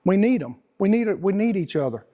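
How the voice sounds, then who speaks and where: A man's voice: sits high, big pitch swings, a little fast, muffled recording. A middle-aged man with a Texan accent giving a casual, rambling motivational talk as host, repeating words and using slang.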